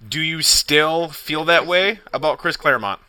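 A man co-hosting a podcast in casual chat, excitable and profane, laughing often and tripping over his words. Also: fairly high pitch, moderate pace, no room sound, low-quality recording. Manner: excitable, profane, laughs a lot, stammers restarts. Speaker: podcast co-host.

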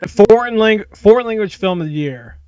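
A man's voice: sits high, expressive, darkish tone, highs cut off. A man co-hosting a casual movie podcast, giving opinionated, profane awards predictions. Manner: opinionated, rapid, swears freely.

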